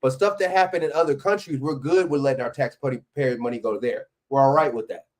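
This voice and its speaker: With a medium-pitched voice and a fairly quick pace, a male livestream host rants heatedly and profanely about clips he's reacting to. He keeps it casual, with many fillers and false starts.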